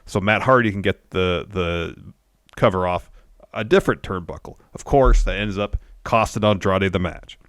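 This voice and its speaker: A man co-hosting a wrestling podcast, casually recapping a show and acting out the wrestlers' promos with animated delivery. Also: low-pitched, normal speed, no echo, clean studio sound.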